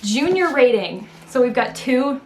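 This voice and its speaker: A woman's voice: sits high, expressive, a little slow, darkish tone, a little hiss or hum. A young woman chatting casually in a vlog, rambling with lots of fillers and self-corrections and poking fun at herself. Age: young adult. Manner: self-deprecating, laughs at herself. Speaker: book vlogger. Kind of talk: casual chat.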